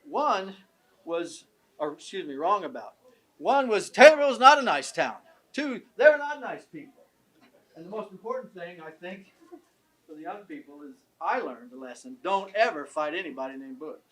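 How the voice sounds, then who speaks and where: Speaking at normal speed in a high-pitched, sing-song, slightly bright voice, this older southern Illinois man addresses a tribute event in an event room as a guest speaker. He pokes fun at himself in a folksy manner, filling his after-dinner talk with jokes and stories.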